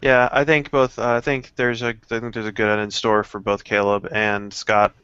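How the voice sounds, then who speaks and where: Man, podcast host, bright voice, dry dull recording, halting, reads questions. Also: lowish voice, little pitch movement, smooth, dry recording. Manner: halting, many fillers. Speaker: host reading listener questions. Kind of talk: casual podcast Q&A. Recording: dull lo-fi sound.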